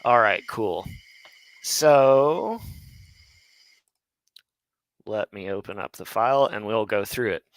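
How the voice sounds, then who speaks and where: A man's voice: lowish voice, expressive, takes it slowly, pauses often, no room sound. A man hosting a live online Hebrew lesson. He thinks aloud and corrects himself mid-sentence.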